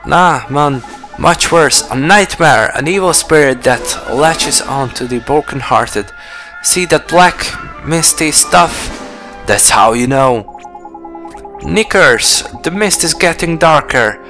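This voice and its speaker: A man reading as an excitable fairy sidekick. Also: on the high side, slow, faint music behind, exaggerated voice. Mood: worried. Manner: chatty, dramatic warnings. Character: excitable male fairy companion with a lantern nose.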